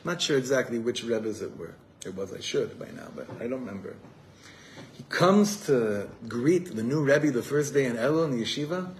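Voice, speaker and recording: A man gives a storytelling sermon to an evening gathering, his voice pitched in the middle range. He acts out the people in his story as he talks, over faint background noise. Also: moderate pace. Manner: animated storyteller acting out quoted voices. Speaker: rabbi teaching a gathering.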